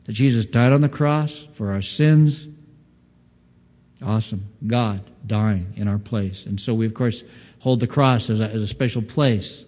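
A man's voice: on the low side, a little slow, a little mellow, big-room sound. A pastor giving an earnest, teaching sermon, reading scripture aloud and asking his listeners rhetorical questions. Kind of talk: expository sermon.

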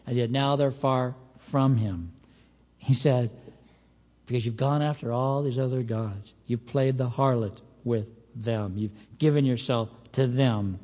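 A man's voice: mid-range voice, mellow. A man preaching an expository Bible sermon, explaining scripture conversationally with emphatic rises. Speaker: pastor. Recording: long hall reverb.

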